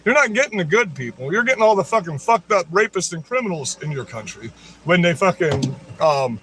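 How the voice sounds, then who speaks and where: A man's voice: high voice, big pitch swings, a little fast, fairly bright tone, slight background noise. Angry profane man ranting to camera. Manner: profane, confrontational, mocking. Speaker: political vlogger. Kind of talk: angry direct-to-camera rant.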